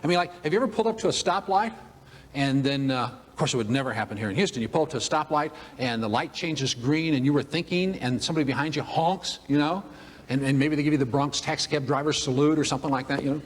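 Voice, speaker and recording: A man with a fairly high voice talks fast as he delivers a funny, folksy motivational speech to an audience, joking and acting out characters. Long hall reverb, faint ambience and slight background noise surround him.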